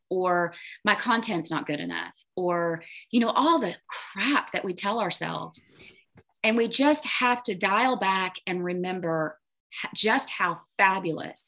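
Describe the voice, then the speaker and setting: A woman business coach talking casually in an interview, animated, acting out the voices in her head. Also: on the low side. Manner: animated, acts out quoted inner voices.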